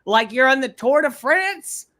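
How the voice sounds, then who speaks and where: A man from Ohio co-hosting a casual livestream, ranting with crude language and lively swings in pitch. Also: unhurried. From Ohio, USA. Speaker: podcast co-host.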